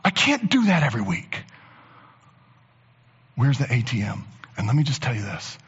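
A man preaching a sermon as a pastor, talking conversationally and building to animated emphasis. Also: medium pitch, moderate pace, breathy edge. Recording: long church reverb, dull lo-fi sound.

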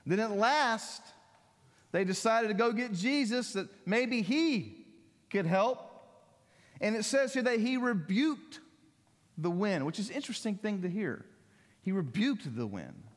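A middle-aged man preaches in a church sanctuary, his somewhat high voice ringing out with a long reverb tail. He talks in a conversational, storytelling way, jumping up in pitch when he acts out what others say. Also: lively intonation, measured pace. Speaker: pastor. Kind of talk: sermon.

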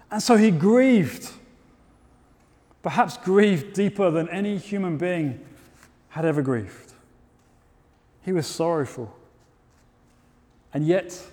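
Slow, high-voiced preacher in a reverberant hall. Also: male voice. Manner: measured storytelling, swelling to loud emphasis. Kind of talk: sermon.

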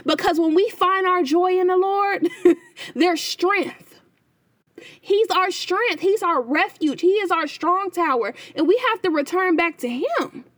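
High-voiced woman preaching with conviction. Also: unhurried, a bit bright. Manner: emphatic, repeats key phrases, calls out to listeners. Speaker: devotional speaker. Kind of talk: scripture reading, then informal preaching.

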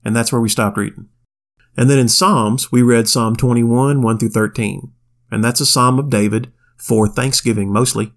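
A man's voice: mid-range voice, steady tone, normal speed. A man co-hosting a Bible podcast, giving casual commentary with wry, plainspoken asides. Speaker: podcast co-host.

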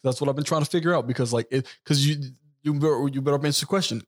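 A man's voice: fairly high pitch, very fast. A man hosting a casual podcast chat, steering the talk and cutting in to pass the turn. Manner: steers the talk, interrupts, asks others to go on. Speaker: podcast host.

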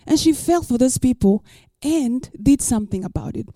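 Woman pastor preaching, higher voice but mellow, dry close sound, says stuff twice for emphasis. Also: expressive, normal speed, no echo. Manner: emphatic, repeats key lines. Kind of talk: sermon.

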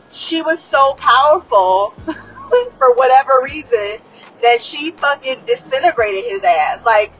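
Woman, excitable rambling recap chat, lots of swearing, faint music behind, dull lo-fi sound. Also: sits high. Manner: excitable, profane, rambling with many fillers. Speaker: show reviewer.

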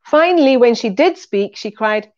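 A woman's voice: on the high side, expressive, normal speed, a little mellow, lo-fi sound. A woman giving a weekly Bible teaching, earnest and conversational, retelling stories to make her point. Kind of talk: recorded teaching talk.

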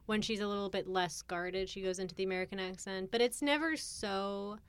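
A woman's voice: mid-range voice, brisk, smooth. A woman co-hosting a podcast, chattily recapping a film plot with laughs. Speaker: podcast co-host. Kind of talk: casual film discussion.

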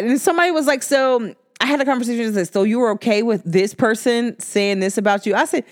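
A young woman talks through her solo podcast with sass and a lot of bounce. Her voice sits a little high, and it keeps jumping between bright highs and low, drawn-out lows. She laughs easily between points. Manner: animated, sassy, swings between high and low tones; laughs often while talking. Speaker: podcast host. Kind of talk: casual solo podcast monologue.

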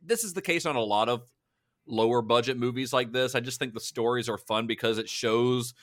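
A man's voice: mid-range voice, fairly quick, fairly bright tone, dry recording. Chatty laughing male podcast host. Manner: chatty storyteller, laughs often, many fillers. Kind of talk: casual film podcast chat.

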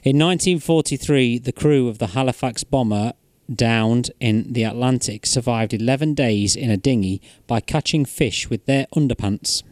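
A man's voice: mid-range voice, normal speed, hardly any pauses, a little mellow, dry recording. A man hosting casual chat, reading out odd facts, jokey and laughing often. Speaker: host.

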